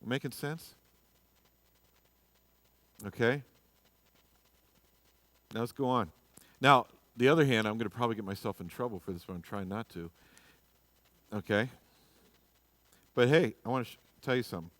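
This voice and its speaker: Joking, chatty pastor, dry sound. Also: male voice, mid-range voice, moderate pace, pauses often, dry recording. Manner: chatty, joking, swings from quiet asides to loud bursts. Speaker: pastor teaching a class. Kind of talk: casual Bible teaching. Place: church.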